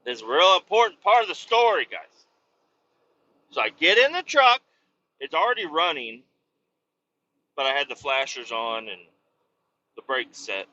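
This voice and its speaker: Sharp-voiced man telling a profane story. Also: on the high side, moderate pace, pauses often. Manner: profane, rambling, animated. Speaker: podcast host, truck driver. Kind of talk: casual storytelling. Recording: dull lo-fi with faint noise.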